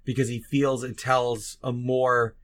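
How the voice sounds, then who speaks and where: A man's voice: medium pitch, little pitch movement, takes it slowly. Young man with dry, wry asides. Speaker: podcast co-host. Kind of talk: casual chat.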